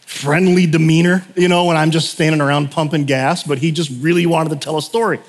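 In a church sanctuary with long hall reverb, a pastor delivers a casual sermon as a chatty storyteller who often interrupts himself. His voice is fairly high with fairly even intonation, and he talks a little fast.

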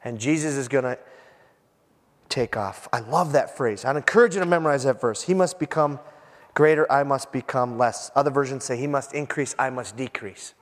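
A man preaching a sermon in a lively, animated way, acting out quotes and breaking into asides. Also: mid-range voice, moderate pace. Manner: animated, acts out quotes, self-interrupting asides. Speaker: pastor. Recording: long reverb of a large hall.

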